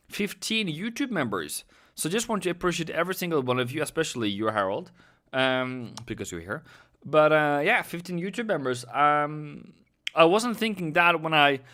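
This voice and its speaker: A man's voice: on the high side, pushed and bright. Chatty man streaming live trades. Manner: chatty, rambling, talks to viewers by name. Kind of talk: casual live-stream commentary.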